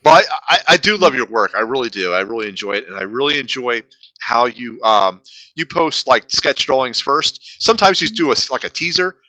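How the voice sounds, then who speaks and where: Lively, bright-voiced male host. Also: mid-range voice, brisk, dry recording, rough recording. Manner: enthusiastic and encouraging, repeats himself. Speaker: podcast host. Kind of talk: casual chat.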